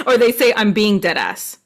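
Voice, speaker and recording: A young woman co-hosting a podcast, explaining things in breezy casual chat with quick agreeing yeahs. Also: a little high, fairly bright tone. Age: young adult. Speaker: podcast co-host.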